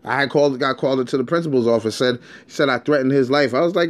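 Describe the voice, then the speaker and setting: A man recounts his life in a loose, unscripted monologue. His talk is streetwise and blunt, full of repeated words and restarts. His voice sits at an ordinary pitch for a man. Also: quick pace. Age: adult, past his teens. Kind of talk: casual personal storytelling monologue.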